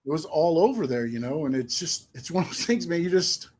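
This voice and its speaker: A middle-aged man co-hosting a live show, casually reminiscing and running through names in a quick list. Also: on the high side, lively intonation, a little mellow. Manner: reminiscing, lists names rapidly. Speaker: co-host, wrestling promoter.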